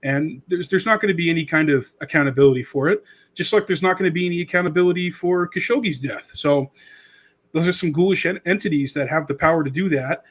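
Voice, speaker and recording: A man's voice: fairly high pitch, fast. Rambling sarcastic male podcast host. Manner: rambling, sarcastic, does mocking impressions. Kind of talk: casual political commentary.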